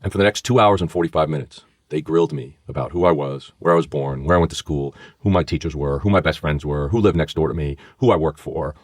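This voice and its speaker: A middle-aged man, a former FBI agent, co-hosting a podcast and telling a story with lively acted-out voices. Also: extremely low pitch, fast talker, few pauses, no echo, clean studio sound. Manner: vivid storyteller who acts out voices. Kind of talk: storytelling in conversation. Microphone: studio microphone.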